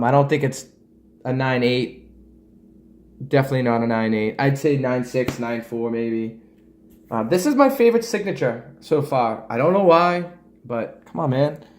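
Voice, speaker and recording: A man's voice: medium pitch, fairly bright tone. A man talking casually to camera about his comic book collection, rambling with many ums and uhs. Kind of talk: casual show-and-tell vlog.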